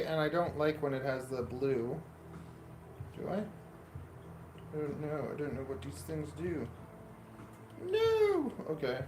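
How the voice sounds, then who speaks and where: A man's voice: on the high side, slight background noise. A man hosting a casual live stream, rambling and muttering to himself while he sets up equipment indoors. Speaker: livestream host.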